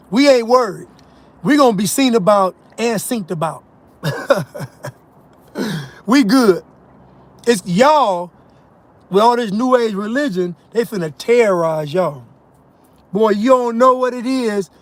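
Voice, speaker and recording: A man delivering an emphatic, mocking monologue rant as a commentator, laughing at his own points. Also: high-pitched. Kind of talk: ranting monologue.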